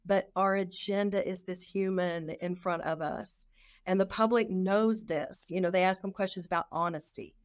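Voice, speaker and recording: Animated middle-aged woman telling her story. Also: lowish voice, normal speed. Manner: animated, acts out her own past thoughts. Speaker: nurse and lactation consultant guest. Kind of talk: personal storytelling in an interview.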